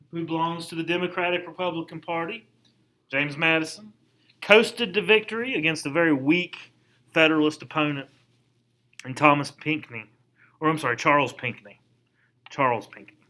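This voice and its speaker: A man's voice: on the high side, moderate pace, pauses often, pushed and bright, rough recording. A man teaching a recorded history lesson, lecturing in a casual, conversational way with slangy asides.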